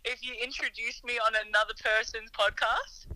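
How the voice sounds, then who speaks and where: A woman's voice: a little high, steady tone, a little fast, bright, forceful tone, dry recording, low-quality recording. A young woman calling in casually, giggling and playful. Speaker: host's girlfriend on phone call. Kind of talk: casual phone chat.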